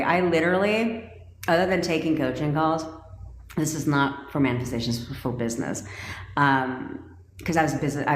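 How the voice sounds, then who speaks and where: A fired-up woman in her thirties from California, coaching her livestream viewers in blunt, profane, heated bursts. Her voice sits a little low, and she talks into a phone in a room with a clear echo. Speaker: manifestation coach. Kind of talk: casual livestream talk. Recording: roomy echo.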